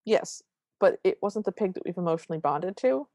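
A woman co-hosting a podcast, recapping a movie in wry, quick, casual chat. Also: lowish voice, animated, mellow, no echo, studio quality. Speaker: podcast co-host.

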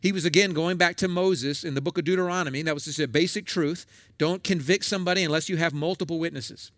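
A middle-aged pastor delivers a sermon in a folksy, conversational manner, punching his points with emphatic asides. His voice sits high for a man. The recording is dry, with little room sound. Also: fast, fairly bright tone, dry recording.

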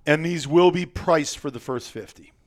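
A man's voice: fairly high pitch, moderate pace. A man hosting a podcast in casual chat, rambling and chuckling, often restarting his sentences. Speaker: podcast host.

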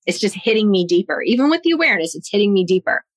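A woman telling a personal story in a podcast conversation, lively and acting out quoted lines. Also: mid-range voice, very fast, dry recording. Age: adult, parent of a young son. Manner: animated, acts out her own and others' quoted lines.

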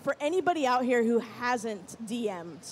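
A woman's voice: a little high, big pitch swings, normal speed, a little hiss or hum. A woman moderating a live panel, playfully addressing the audience and calling for questions. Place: stage before a live audience.

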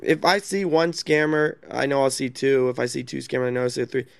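Gravelly, brash male host. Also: medium pitch, fairly even intonation, brisk, dry recording. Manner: profane, mocking, brash. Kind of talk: casual chat in an online audio room.

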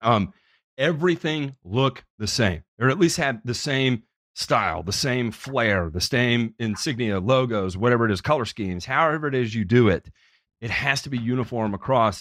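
A man hosting a podcast, telling stories in a casual, profane and animated way. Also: mid-range voice, moderate pace, dry recording, studio quality.

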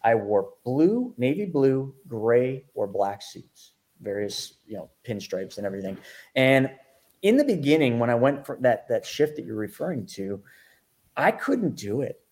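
A middle-aged man, a guest on a podcast, spins his story with energy, jumping in pitch as he acts out his own past reactions. His talk is casual and quick to swing between hushed asides and bursts of excitement. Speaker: podcast guest, financial educator. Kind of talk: animated storytelling.

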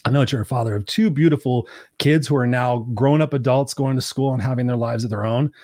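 Fast-talking motivational male podcast host. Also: mid-range voice, no echo, studio quality. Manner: energetic storyteller, motivational. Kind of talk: casual interview conversation.

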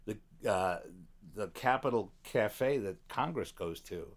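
Low-voiced man chatting reflectively. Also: expressive, slow pace. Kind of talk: casual chat.

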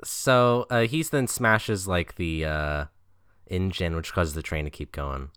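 A man's voice: deep voice, slow, fairly bright tone, clean tone, no room sound, studio quality. A man co-hosting a casual podcast, recapping a movie plot in a laid-back way with fillers. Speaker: podcast co-host.

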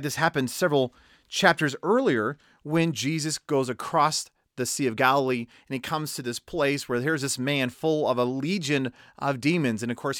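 A man delivers a sermon in a slightly raised voice that speeds up and slows down as he makes his points, with light laughs between them. The sound is dry and close. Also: a little high, no echo. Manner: animated, shifting pace and loudness, laughs lightly between points. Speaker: pastor.

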